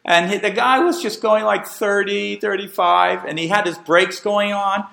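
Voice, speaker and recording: A middle-aged man delivers a sermon as pastor, his voice high and bright. He preaches with animated, emphatic swings and draws the congregation into call-and-response. The room around him rings with echo. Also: moderate pace, gravelly. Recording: echoey room.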